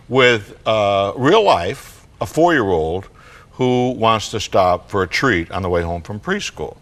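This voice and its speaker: An older man on a studio talk show, telling parenting stories and acting out kids and parents. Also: mid-range voice. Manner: animated storyteller, acts out kids and parents. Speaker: guest parenting author.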